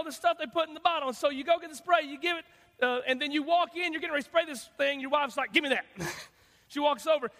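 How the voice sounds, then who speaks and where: A man's voice: very high voice, pushed and bright, in a large hall. A man preaching a sermon as a guest pastor, chatty and joking, with many fillers and restarts. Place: church sanctuary.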